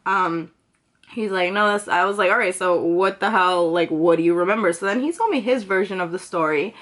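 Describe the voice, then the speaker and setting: A woman's voice: fairly low pitch, brisk, a bit bright. A young woman vlogging, telling a personal story in a chatty, casual way, full of filler words and swearing freely.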